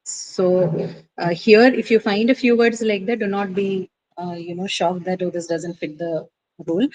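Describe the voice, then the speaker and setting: A woman's voice: on the low side, steady tone, measured pace, a little mellow, low-quality recording. A woman teacher walks a class through word stress. She speaks in a patient, explanatory way and scatters fillers as she thinks aloud. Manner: patient, explanatory, many fillers like uh and you know.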